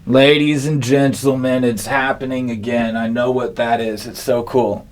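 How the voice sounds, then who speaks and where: A man hosting an absurd comedy monologue, rambling and deadpan. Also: medium pitch, normal speed, slight background noise. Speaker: comedian host.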